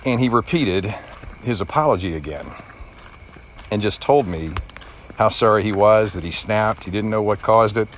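A man's voice: lowish voice, moderate pace, muffled recording, slight background noise. A middle-aged man telling a personal story in an earnest, reflective way, slightly choked up.

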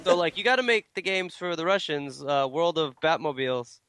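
A man's voice: a little high, a little fast, fairly bright tone, slight background noise. A man co-hosting a casual gaming podcast, joking and cursing with his co-hosts. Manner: joking, profane, puts on mock accents. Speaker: podcast co-host.

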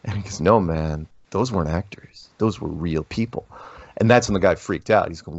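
A man as an interview guest, talking casually and telling rambling, animated stories with many restarts. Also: low voice, moderate pace, slightly rough, dry recording. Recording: dull lo-fi dry audio.

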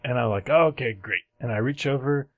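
A man's voice: mid-range voice, fairly quick, no echo. A young man on a podcast telling a long rambling story in casual chat, acting out other people's voices and laughing at himself.

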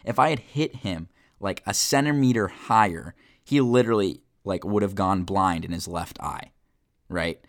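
A young man with a fairly low voice tells a childhood story on his podcast. He speaks casually, with lots of fillers. He acts out quotes with animated energy. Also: normal speed. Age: young adult. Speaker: podcast host.

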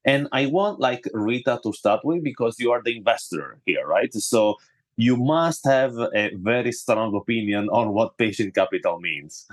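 A man's voice: mid-range voice, lively intonation, moderate pace. A man hosting a podcast panel, talking with many fillers and restarts as he frames questions. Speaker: podcast host.

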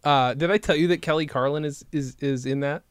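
A man hosting a podcast in casual comedic chat, sarcastic and animated as he tells stories. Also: fairly high pitch, brisk, clear, resonant tone, no echo, clean studio sound. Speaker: podcast host.

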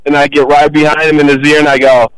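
An older man calling into a sports radio show, telling a story loudly and acting out the voices as he goes. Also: a little high, level tone, quick pace, clean tone, dry recording. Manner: boisterous storyteller, acts out voices. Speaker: caller. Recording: phone line.

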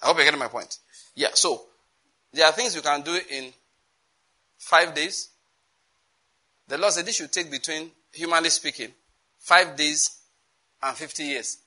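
The preacher's voice is a little high and the audio poor. Teaching on prayer, he presses his points emphatically, keeps checking for understanding, and reads scripture loudly and slowly.

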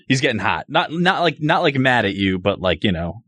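A man playing a tabletop game who talks in a halting, rambling way, full of restarts. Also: medium pitch, very animated, a bit bright, breathy edge, dry recording. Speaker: player. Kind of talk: casual tabletop game play.

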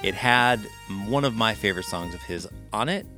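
A man's voice: fairly low pitch, animated, moderate pace, bright, forceful tone, faint music behind. A man hosting a casual podcast quiz, playful and teasing. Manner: playful, teasing, breaks into sung imitations. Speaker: podcast co-host, quizmaster. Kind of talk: casual chat.

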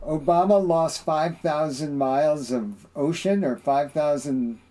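A man's voice: a little high, measured pace, dark tone. A man co-hosting a podcast in casual political chat, ranting in an exasperated, emphatic way. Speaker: podcast co-host.

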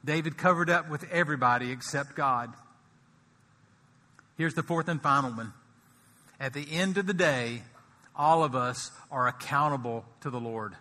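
Bright preaching man in a hall. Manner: swells from soft and slow to loud and high for emphasis. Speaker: pastor. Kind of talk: sermon.

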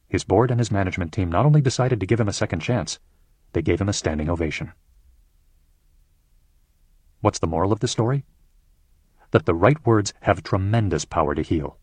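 A man reading his own case story aloud as audiobook narration, with a measured delivery and a husky voice. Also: sits low, animated, darkish tone, no echo.

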